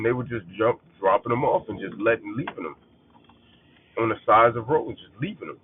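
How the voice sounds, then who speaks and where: A man's voice: medium pitch, lively intonation, brisk, husky. A man teaching scripture in a casual, blunt way, often swearing and hammering points by repetition. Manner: blunt, profane, emphatic repetition. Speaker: preacher. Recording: phone-like narrow band.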